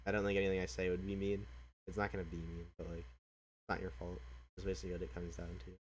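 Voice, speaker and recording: A young man hosting a reaction video, talking in a halting, earnest way with frequent swearing. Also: sits low, completely flat delivery, a little hiss or hum, poor audio. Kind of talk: casual reaction commentary.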